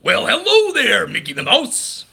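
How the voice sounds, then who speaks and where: A big, gruff cartoon cat villain booms out taunts, as a man puts him on. The voice is loud, boastful and forceful, pushed hard with a tense, bright edge. He swaggers like a bully who thinks he owns the place. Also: wildly swooping pitch, a little slow, exaggerated voice. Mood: taunting. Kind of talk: impression on a livestream.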